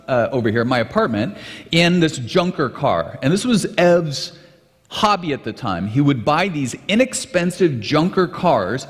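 Pastor guy telling a story in his sermon, lively up-and-down voice, kinda high, big echoey hall. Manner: animated, conversational, with restarts. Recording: long reverb of a large hall.

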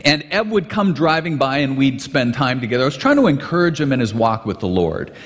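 A man, a pastor, telling a story in a sermon in an animated, conversational way, heard in a large hall with long reverb. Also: mid-range voice, fairly quick.

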